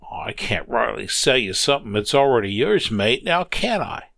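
A man's voice: medium pitch, sing-song, moderate pace, creaky, fairly bright tone, dry recording, full character voice. A man doing a jovial railwayman. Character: folksy old British railwayman, jovial.

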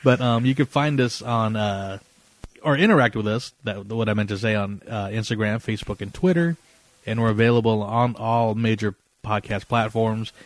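A man's voice: on the low side, moderate pace, no room sound. A man co-hosting a podcast in casual chat, rambling with lots of fillers and frequent laughter. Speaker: podcast co-host.

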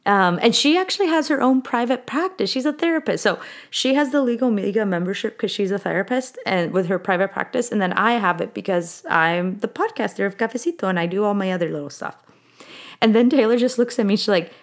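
A woman's voice: mid-range voice, brisk. A woman in her late twenties hosting a podcast, telling a personal story in a candid, emotional way and dropping in Spanish words. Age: late 20s. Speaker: podcast host.

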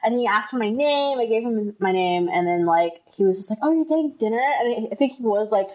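A young American woman co-hosts a podcast from a room at home, chatting her way through a story and acting out the voices of the people in it. She speaks quickly at medium pitch, and the recording sounds muffled.

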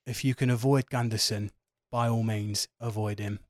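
A man's voice: lowish voice, steady tone, moderate pace, no room sound, clean studio sound, lightly acted. A man playing a chatty, foul-mouthed barman who gossips and swears freely. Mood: apologetic. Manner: swears a lot, gossipy, confiding.

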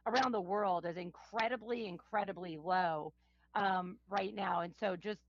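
A woman's voice: medium pitch, measured pace, dry recording. Earnest woman on dry, dull audio. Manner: earnest and explanatory, with thinking fillers. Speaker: guest, HR professional. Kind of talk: interview answers.

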